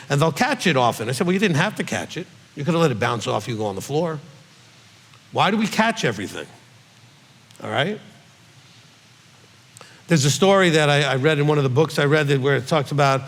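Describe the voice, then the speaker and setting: A man's voice: a little high, a bit bright, big-room sound. Man teaching with frequent "okay?" asides. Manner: conversational, frequent "okay?" check-ins; acts out quoted voices. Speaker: rabbi teaching.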